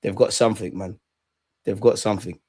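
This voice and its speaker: A man's voice: lowish voice, steady tone, a little fast, dark tone, husky. A young man hosting a live football watch-along, bantering with his chat in slang, swearing and laughing often.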